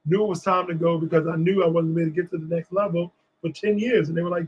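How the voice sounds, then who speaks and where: A man from Washington, D.C., a guest on a talk show, telling lively stories and acting out what people said. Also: on the high side, fairly quick, slightly rough, highs cut off. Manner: animated storyteller acting out quotes. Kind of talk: storytelling in a casual interview.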